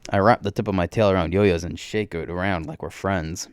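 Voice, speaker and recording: A man reads a first-person story aloud, brisk and wry, with bursts of excitement. His voice is very low. The sound is dry and close, with no room to it. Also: smooth, no room sound.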